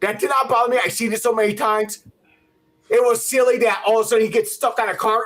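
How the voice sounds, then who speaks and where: A man's voice: high-pitched, steady tone, fast talker, fairly bright tone. A man co-hosting a podcast, ranting about a movie in a heated, profane, laughing way. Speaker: podcast co-host. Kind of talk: casual ranting movie recap. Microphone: home podcast mic.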